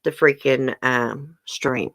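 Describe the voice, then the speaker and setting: Low-voiced Southern woman chatting live. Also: steady tone, slow, no room sound. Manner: chatty, laughs often, says y'all. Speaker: livestream host. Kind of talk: casual livestream chat with viewers. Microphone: webcam or phone close up.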